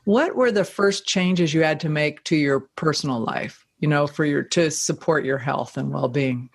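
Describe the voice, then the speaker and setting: A woman's voice: sits low, normal speed, gravelly, slightly rough. A woman hosting a podcast, asking friendly, probing questions. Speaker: podcast host. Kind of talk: interview questions.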